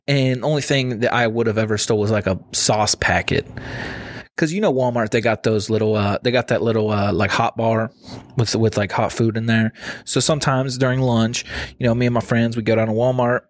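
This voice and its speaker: A man's voice: fairly even intonation, fairly quick, no echo. A young man hosting a podcast, telling casual rambling stories with lots of swearing and mock voices for the people he quotes. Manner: profane, rambling, acts out quotes in a higher voice. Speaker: podcast host. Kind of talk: casual storytelling.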